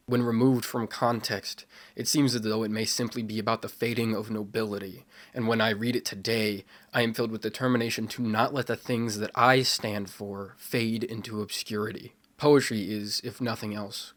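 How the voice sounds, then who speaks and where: A young man talking to camera in a spoken opinion essay, measured at first and building to impassioned, fiery delivery. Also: lowish voice, fairly bright tone. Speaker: video essayist.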